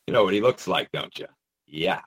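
A man's voice: low voice, a bit bright, husky, dry recording, low-quality recording. A man talking in a sarcastic, rambling monologue, with mocking asides and frequent hesitations. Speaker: commentator. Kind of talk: casual monologue commentary.

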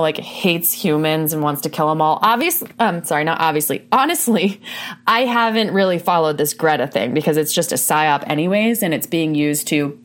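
Blunt woman hosting talk radio. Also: on the low side. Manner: blunt, sarcastic, rhetorical questions. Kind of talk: casual opinionated radio monologue.

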